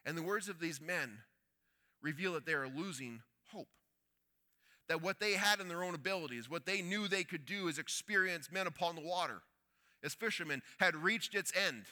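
A man preaching a sermon, telling a story that swings between loud urgency and hushed quiet. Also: sits high.

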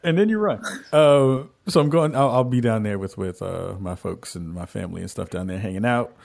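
Guy hosting a podcast, joking around, quick animated storytelling. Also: on the low side, gravelly. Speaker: podcast host. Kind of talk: casual podcast banter.

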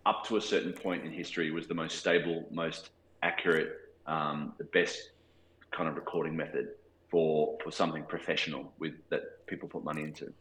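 Deep-voiced Australian man, roomy sound. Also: little pitch movement, brisk, a bit bright. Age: 40s. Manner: thoughtful, hesitant, many restarts and fillers. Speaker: cinematographer guest. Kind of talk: casual interview talk.

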